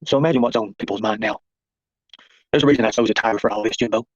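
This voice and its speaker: A man's voice: lowish voice, rapid-fire, no echo, highs cut off. A man hosting a rambling livestream, confrontational and calling out viewers by name. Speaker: livestream host.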